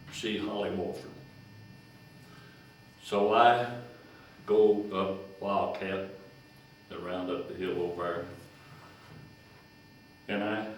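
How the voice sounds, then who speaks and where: A man in his nineties, a retired county extension agent, telling folksy anecdotes about his work and acting out the voices of the people in them, with some repeated words. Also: low-pitched. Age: 90s. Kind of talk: storytelling reminiscence. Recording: echoey room, distant mic, faint noise.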